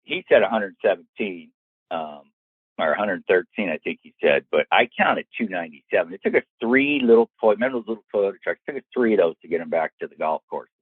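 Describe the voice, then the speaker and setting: Older male golf pro guest, lively storyteller, lowish voice, phone-line sound. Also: fast talker, breathy edge, dry recording. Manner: lively, acts out quoted lines in the story. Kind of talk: storytelling anecdote in an interview. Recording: tinny dry phone-like line.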